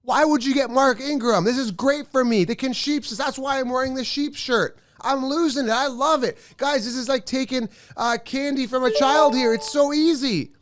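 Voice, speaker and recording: A man's voice: very high-pitched, normal speed, hardly any pauses, fairly bright tone, slight background noise. A man in his thirties hosting a fantasy football podcast, talking through a mock draft in a giddy, rambling, hyped-up way. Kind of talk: excited solo commentary on a mock draft.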